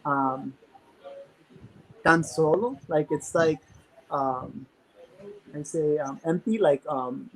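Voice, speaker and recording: A man's voice: fairly high pitch, slow, long pauses, a little hiss or hum, poor audio. A young man as an interview guest, talking earnestly and casually with many fillers.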